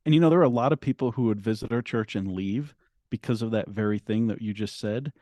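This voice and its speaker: A middle-aged man, a guest author, telling his story in an interview in an earnest, halting way with frequent restarts. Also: fairly low pitch, dark tone, dry recording, studio quality.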